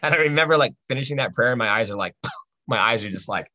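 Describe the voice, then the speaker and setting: A man's voice: mid-range voice, expressive, fast, pushed and bright, dry recording. A man on a podcast telling a personal faith testimony in an earnest, conversational way, often checking in with the listener.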